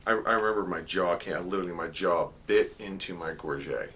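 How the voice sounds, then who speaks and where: A man telling a personal story in a casual monologue, animated, acting out the dialogue with frequent filler words. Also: low-pitched, quick pace, few pauses. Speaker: channel host recounting a story.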